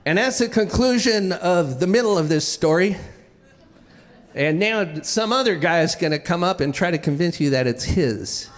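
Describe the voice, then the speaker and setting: High, animated male storyteller. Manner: wry, self-deprecating, halting restarts. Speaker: featured storyteller. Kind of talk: live comedic storytelling. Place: stage at a live venue. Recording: reverberant live hall.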